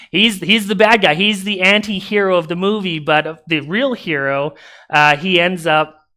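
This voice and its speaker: A man's voice: high-pitched, measured pace, pushed and bright, a little hiss or hum. A man preaching a casual sermon in a church, animatedly retelling a movie plot with asides to the congregation. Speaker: pastor. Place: church sanctuary.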